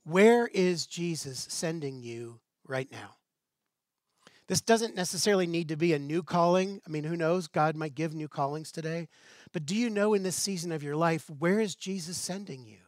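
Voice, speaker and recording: A man's voice: fairly high pitch, moderate pace, dry recording, studio quality. A male pastor preaching a sermon in a conversational way, posing rhetorical questions and dropping light asides.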